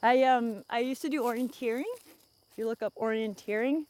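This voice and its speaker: A woman's voice: a little high, steady tone, a little fast, a little mellow, slight background noise. A woman chatting casually to her viewers on a phone livestream while walking through the woods, rambling and laughing often. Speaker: vlogger. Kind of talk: casual livestream walk-and-talk. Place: woods outdoors. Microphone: phone camera held out in front.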